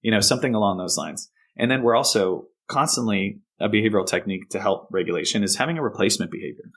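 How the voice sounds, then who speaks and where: A man with a fairly low-pitched voice, speaking as a counselor in an interview. He explains in a steady, conversational way and often drops into sample lines he would say to a child. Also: quick pace, hardly any pauses. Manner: explanatory, acts out example phrases to kids.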